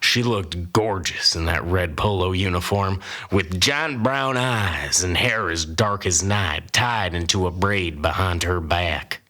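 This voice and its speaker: A man's voice: deep voice, takes it slowly, pushed and bright, heavily acted. A man playing a grizzled old cowboy who tells a comic tall tale in a folksy, boastful, rambling way. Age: older. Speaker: storyteller.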